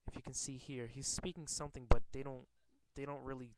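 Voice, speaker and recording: A man's voice: mid-range voice, flat delivery, background noise. A man casually reading a comic aloud and commenting on it, often stumbling and rereading lines. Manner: halting, rereads and corrects himself. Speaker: comic reader.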